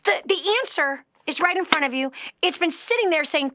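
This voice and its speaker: A woman hosting a call-in show as a financial coach, lecturing a caller with blunt, emphatic tough love that swings between loud emphasis and low, quiet urging. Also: fairly quick, hardly any pauses, no echo.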